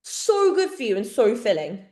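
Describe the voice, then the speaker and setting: A woman's voice: a little high, wildly swooping pitch, normal speed, mellow, reverberant. An English woman co-hosting a podcast, telling stories in casual chat and laughing often. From England. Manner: chatty storyteller, laughs often. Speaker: podcast co-host.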